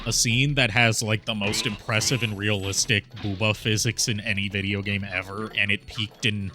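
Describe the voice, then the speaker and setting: A man's voice: on the low side, fairly even intonation, moderate pace, sharp tone. A man hosting a game stream, chatting casually and rambling with frequent laughs. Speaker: streamer host.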